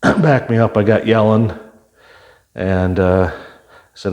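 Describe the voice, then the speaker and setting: Deep-voiced retired cop telling stories. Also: male voice, steady tone, measured pace, long pauses, a little mellow. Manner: plain-spoken, many fillers and restarts. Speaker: retired police officer, guest. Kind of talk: conversational storytelling.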